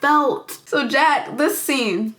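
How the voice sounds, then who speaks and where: A young woman recapping a movie in a casual, animated way, acting out the characters' lines as she goes. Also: mid-range voice, normal speed. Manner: animated, acts out characters' lines in quoted voices. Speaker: movie reviewer.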